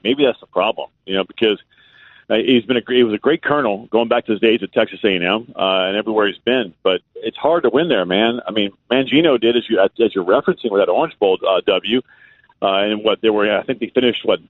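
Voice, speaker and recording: A man's voice: on the low side, dry recording. A man with a Louisiana accent, a guest radio host talking in a folksy, rambling way full of "uh"s. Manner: folksy, drawling, lots of "uh" fillers. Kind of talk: casual radio chat. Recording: phone-like call-in line.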